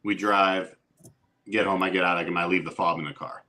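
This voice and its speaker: A fairly low-voiced middle-aged man, spinning a story on a casual podcast. He swears freely and acts out what everyone said. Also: brisk. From Youngstown area, Ohio, USA. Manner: animated storyteller who swears and acts out quotes. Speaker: podcast guest.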